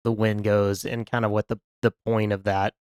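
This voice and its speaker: A man's voice: on the low side, level tone, normal speed, darkish tone, clear, resonant tone, no echo, studio quality. A man co-hosting a film podcast, reflecting aloud in a casual discussion. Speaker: podcast co-host.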